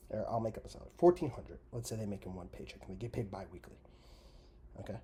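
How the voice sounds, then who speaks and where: A man hosting a podcast, delivering a sarcastic, profane comedic rant that jumps from loud jabs to muttered asides. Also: on the low side, fast, slight background noise. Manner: animated, sarcastic, heavy swearing, trails into mutters and whispers. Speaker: podcast host.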